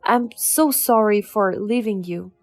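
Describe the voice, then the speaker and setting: A woman's voice: medium pitch, unhurried, lightly acted. A woman voicing a remorseful middle-aged man who tearfully pleads for forgiveness, over faint background music. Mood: pleading.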